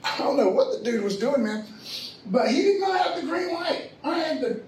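Here the pastor's voice is very high and animated, moving at a moderate pace, with slight background noise. The middle-aged man shares a personal story during his sermon in a relaxed, slangy tone, captured far off in an echoey room.

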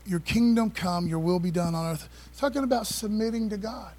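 A man preaching a sermon to his church, animated and repeating phrases, calling on the congregation to answer back. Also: high-pitched, brisk, rough recording. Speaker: pastor.

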